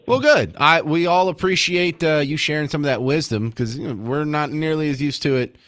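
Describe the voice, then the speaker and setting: A man's voice: fairly high pitch, a little fast, fairly bright tone. A man hosting a talk radio show, casual and sarcastic, given to self-deprecating jokes.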